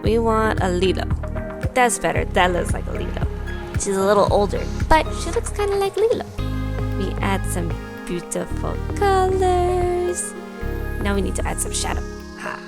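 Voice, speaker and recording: A young adult woman hosting an art channel, chatting playfully to kids in a bubbly, jokey way. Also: mid-range voice. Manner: bubbly, jokey, talks to herself. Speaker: art teacher and channel host. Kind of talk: playful casual vlog talk to kids.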